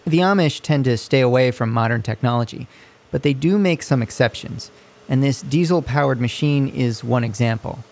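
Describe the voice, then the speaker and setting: Gravelly male radio reporter. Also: mid-range voice, a little mellow. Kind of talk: scripted news narration.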